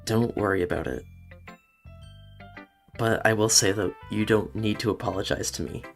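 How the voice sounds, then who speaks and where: Gravelly low-voiced man playing a game. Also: moderate pace, faint music behind. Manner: emotional, self-conscious, mild swearing substitutes. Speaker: let's play gamer. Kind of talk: casual gameplay commentary.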